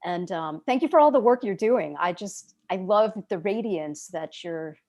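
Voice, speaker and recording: A woman speaking as a guest in a relaxed interview. She sounds gracious and appreciative, and her voice sits at an ordinary pitch. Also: normal speed. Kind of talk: casual interview chat.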